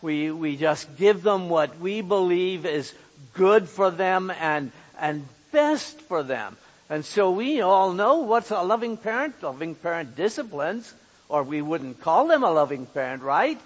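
A man's voice: high voice, expressive, a little slow, in a large hall. A man pastor giving an earnest sermon, often repeating words as he searches for the next one. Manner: earnest, repeats words while finding them.

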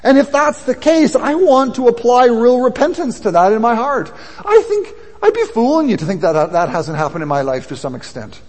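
A man's voice: extremely high pitch, sing-song, fairly quick, a little mellow. A man preaching a sermon in a conversational way that builds in intensity. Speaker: pastor. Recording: long hall reverb.

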